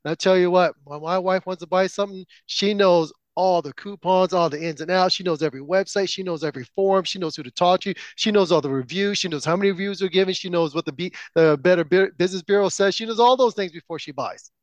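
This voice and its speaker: A male podcast host with a somewhat high voice talks in a folksy, emphatic way, stacking example on example. The sound is dry and close, with no room around it. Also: fast, few pauses, no echo. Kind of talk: conversational interview commentary.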